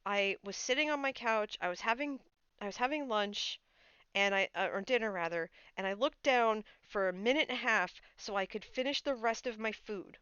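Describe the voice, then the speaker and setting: Chatty, smooth-voiced woman streamer. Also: medium pitch, moderate pace, fairly bright tone, dry recording, muffled recording. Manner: chatty storyteller with frequent fillers. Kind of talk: casual gaming stream chat.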